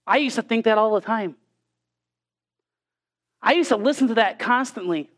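A woman's voice: fairly high pitch, moderate pace, long pauses. A woman preaching a sermon in an earnest manner, often repeating rhetorical questions to her listeners.

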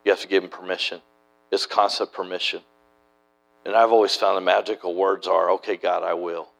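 A man's voice: deep voice, flat delivery, brisk, gravelly. A middle-aged man preaching a sermon, telling stories in a folksy, conversational way with many restarts. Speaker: preacher and church planter. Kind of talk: sermon storytelling.

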